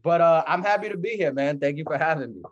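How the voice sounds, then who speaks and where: A man's voice: fairly high pitch, fast, highs cut off. A man chatting as a comedian guest on a podcast, joking and laughing easily. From United States. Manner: joking, self-deprecating, laughs often. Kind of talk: casual podcast chat.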